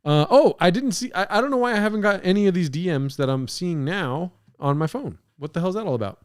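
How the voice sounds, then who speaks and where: A man's voice: sits high, expressive, fast, clean tone. A man hosting a podcast livestream from his apartment, rambling, swearing and laughing as he reads chat comments. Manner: rambling, profane, laughing a lot. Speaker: podcast host. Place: home apartment studio. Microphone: podcast mixer setup.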